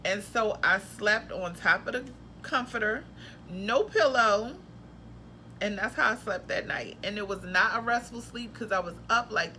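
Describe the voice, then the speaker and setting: A woman who works as a travel nurse, telling a story in a casual vlog in an expressive, slangy, dramatic way. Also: mid-range voice, a little hiss or hum.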